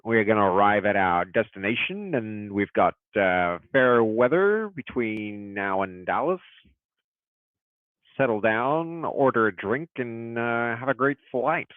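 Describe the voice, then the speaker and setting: A man putting on a calm airline captain, deep and unhurried, measured cabin-announcement delivery, tinny phone-like sound, dry. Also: no echo.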